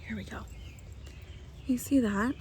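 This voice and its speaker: A chatty woman with a fairly high voice gives a relaxed tour of her backyard garden. She rambles, laughs often, and coos sweetly to her hen. Chickens cluck faintly in the background. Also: a little slow, a little hiss or hum. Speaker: vlogger giving a garden tour. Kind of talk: casual chat.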